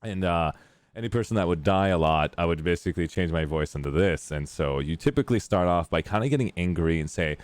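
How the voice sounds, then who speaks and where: A young man streaming, chatting casually with friends on voice chat, excitable and rambling. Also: extremely low pitch, fast talker, no echo. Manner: excitable, laughs often, rambling.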